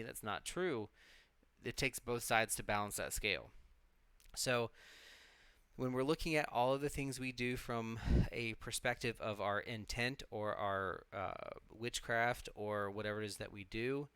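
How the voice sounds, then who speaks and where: Medium-pitched and speaking at normal speed, this man's voice is bright and forceful, smooth, and recorded dry. As co-host of a live witchcraft stream, he rambles casually and reflectively, swearing freely and frequently restarting.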